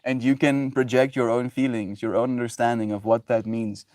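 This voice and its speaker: On a livestream, a man muses casually and spiritually about love and forgiveness, rambling loosely with lots of filler and laughing often as he reads the chat. His mid-range voice is a little mellow, with a flat delivery and a moderate pace. The studio sound is clean, with no echo.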